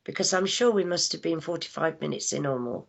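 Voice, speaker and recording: A woman working as a psychic medium, giving a live reading with halting speech, lots of fillers, hushed asides and affectionate words like darling. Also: sits low, animated, vocal fry, husky. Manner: affectionate, calls people darling and my lovely. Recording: dull lo-fi sound.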